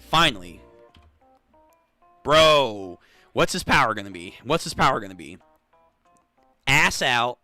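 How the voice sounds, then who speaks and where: Excitable young man, lively swearing reactions. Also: medium pitch, no echo. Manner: excitable, swears a lot, laughs often. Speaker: manga read-through host.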